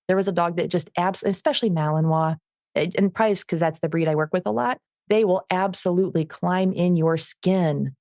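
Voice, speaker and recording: A woman with a somewhat low voice co-hosts a casual podcast, recorded dry and close. She tells animated stories about her dog and gives the dog its own voice. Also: dry recording. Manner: animated storytelling, acts out her dog's voice. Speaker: podcast co-host, dog trainer. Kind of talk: casual chat.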